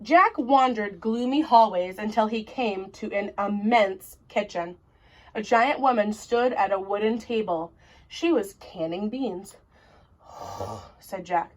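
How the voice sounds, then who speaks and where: A woman reading a children's story aloud in an expressive, deliberate way. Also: mid-range voice, low-quality recording.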